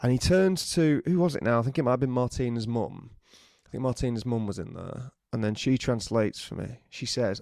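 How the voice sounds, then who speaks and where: A man co-hosting a podcast, telling a comic story with lively acted-out voices and sound effects. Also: mid-range voice, a little fast, gravelly, dry recording, studio quality. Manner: animated, acts out voices and sounds. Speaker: podcast co-host.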